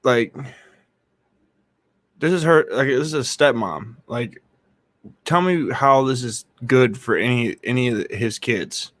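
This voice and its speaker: A man casually commenting on a clip, halting with many fillers. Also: mid-range voice, a bit bright, no echo. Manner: slow, halting, filler-heavy.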